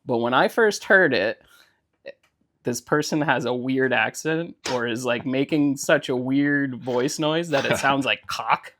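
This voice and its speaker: A man's voice: mid-range voice, a little slow, fairly bright tone, slight background noise. A man co-hosting a casual podcast, telling a loose, rambling story full of fillers. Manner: rambling, laid-back storytelling with filler words. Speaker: podcast co-host. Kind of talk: casual chat.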